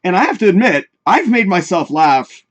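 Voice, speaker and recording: A man's voice: high-pitched, big pitch swings, normal speed, muffled recording. A man hosting a live talk show in casual, rambling chat, swearing freely and talking straight to his viewers.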